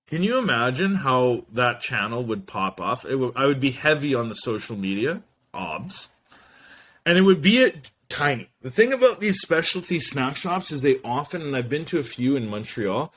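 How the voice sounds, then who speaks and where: A man's voice: medium pitch, fairly bright tone. A man in his thirties hosting his own show, rambling casually to camera with profane jokes, slang and French asides. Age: 30s. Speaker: show host.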